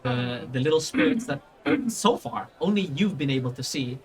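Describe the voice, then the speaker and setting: Guy running a tabletop game, rambly, lots of uh and like, mid pitch. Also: expressive, normal speed. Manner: rambling, full of fillers and restarts. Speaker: game master.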